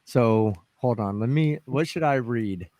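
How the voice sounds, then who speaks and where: A man chatting casually on a group video call, animated and laughing, swearing now and then. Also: medium pitch, unhurried, no room sound.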